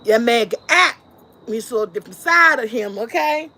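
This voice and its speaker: A woman hosting a casual live stream, lively and laughing often as she talks to her chat. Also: a little high, normal speed. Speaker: vlog host.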